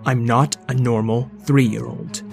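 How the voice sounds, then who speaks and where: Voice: medium pitch, fairly even intonation, slow, creaky, a little mellow, soft background music, pitched below the performer's own voice. A performer voicing a precocious boy who insists earnestly that something is wrong. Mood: insistent.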